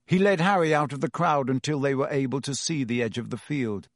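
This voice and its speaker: A man reading a story aloud as an audiobook narrator, with a lively, dramatic delivery. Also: medium pitch, brisk, dry recording, studio quality.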